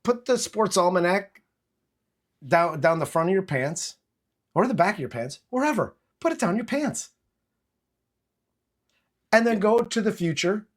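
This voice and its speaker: Profane, animated man recapping a film. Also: high-pitched, measured pace, long pauses. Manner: profane, animated retelling with acted quotes. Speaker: movie review podcast host. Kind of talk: casual chat.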